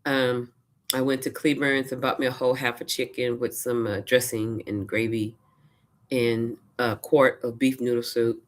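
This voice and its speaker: Very low-voiced woman telling a story. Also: moderate pace. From Louisiana. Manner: chatty, animated retelling with quoted asides and laughs. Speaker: vlogger. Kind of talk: casual personal storytelling.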